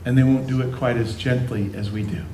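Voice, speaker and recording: A man's voice: mid-range voice, fairly even intonation, brisk, mellow, slight background noise. A middle-aged man preaching a sermon to his congregation, telling family stories with playful asides and acting out voices. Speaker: pastor. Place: church sanctuary. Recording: roomy church sound from a distance.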